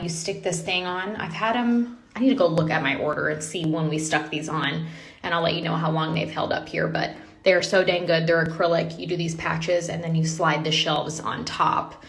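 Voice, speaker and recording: A woman's voice: low voice, fairly even intonation, moderate pace, gravelly. A woman, rambling through stories and product picks in a casual phone vlog, full of "like" and "um". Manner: chatty, rambling storytelling with lots of "like" and "um". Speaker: lifestyle blogger and home renovation host.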